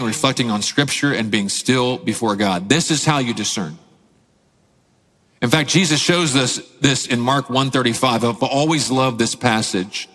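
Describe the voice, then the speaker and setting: A man in his thirties, a pastor preaching a sermon, telling a family story with lively acted-out quotes. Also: medium pitch, in a large hall. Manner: animated storyteller, acts out quotes, laughs often.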